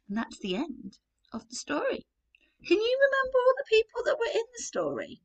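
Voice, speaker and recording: Animated woman reading to children. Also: extremely high pitch, brisk. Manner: animated, sing-song, asking children questions. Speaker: playgroup storyteller.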